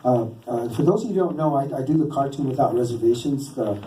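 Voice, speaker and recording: A man doing stand-up storytelling, rambling and interrupting himself with a deadpan, teasing manner. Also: medium pitch, quick pace, a little hiss or hum. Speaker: stand-up comedian and cartoonist. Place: stage in a venue. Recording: roomy, distant live stage recording.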